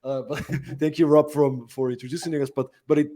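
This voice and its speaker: A man's voice: medium pitch, steady tone, a little fast, mellow. A man hosting a podcast interview, enthusiastic, laughing easily and often repeating words as he starts sentences. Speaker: podcast host. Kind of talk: casual interview chat.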